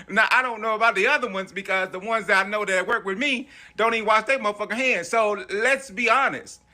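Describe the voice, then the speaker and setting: A man's voice: sits high, brisk, bright, forceful tone. A man giving a brash, joking casual rant.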